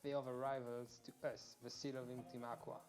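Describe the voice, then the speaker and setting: A man's voice: medium pitch, level tone, a little fast, lightly acted. A man reading out game dialogue as an earnest adult male gang boss, in close to his own ordinary voice over faint music.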